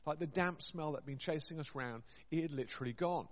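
A man's voice: fairly high pitch, quick pace. A man, a vicar, preaching a chatty, humorous story-based sermon with self-deprecating asides. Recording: dull sound with long hall reverb. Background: long reverb.

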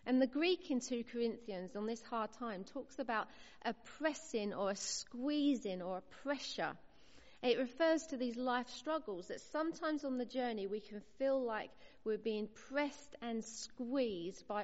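A woman giving a sermon in an earnest, measured, encouraging manner, pausing between phrases. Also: on the high side. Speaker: preacher. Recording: muffled sound in a reverberant hall.

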